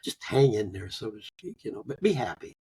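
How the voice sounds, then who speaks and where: An older man telling personal stories in a folksy, conversational way, often chuckling and trailing off softly. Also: on the low side, very animated, brisk, a little hiss or hum. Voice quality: gravelly, husky. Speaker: guest, grief author. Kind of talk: conversational interview.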